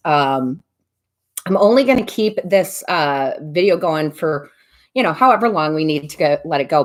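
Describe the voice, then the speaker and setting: Bubbly woman hosting a live stream. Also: low-pitched. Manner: warm, bubbly greetings of viewers by name, frequent laughs. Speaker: tarot reader and medium hosting a live stream. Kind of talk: casual live-stream chat.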